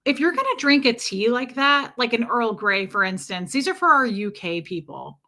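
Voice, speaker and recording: A woman's voice: fairly high pitch, lively intonation, moderate pace, pushed and bright. A woman hosting a casual livestream, chatting and answering viewers' comments by name. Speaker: livestream host. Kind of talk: casual live-stream chat.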